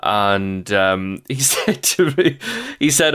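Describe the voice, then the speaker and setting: A man's voice: fairly low pitch, animated, normal speed, a bit bright, smooth. An Irish man with a Kildare accent, co-hosting a podcast in casual chat, telling anecdotes and teasing. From Ireland. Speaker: podcast co-host.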